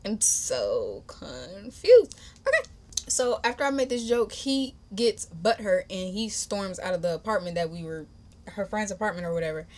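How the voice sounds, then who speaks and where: Casting: young woman, podcast host, casual storytime, animated and slangy, mid-pitched voice. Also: fairly quick. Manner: chatty, animated, slangy, addresses listeners as y'all.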